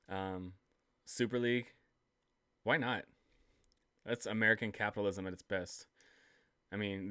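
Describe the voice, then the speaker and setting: Young male sports vlogger, low-ish voice, dry close sound, loose rambling self-mocking delivery. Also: a bit bright, dry recording. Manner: rambling, self-deprecating, lots of fillers. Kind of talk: casual solo commentary.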